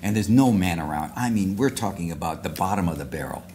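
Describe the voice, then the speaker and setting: A man's voice: low-pitched, animated, fast talker, dark tone, a little hiss or hum. An older man giving an anecdotal luncheon speech, rambling with frequent restarts and asides. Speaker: award speaker. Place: luncheon hall.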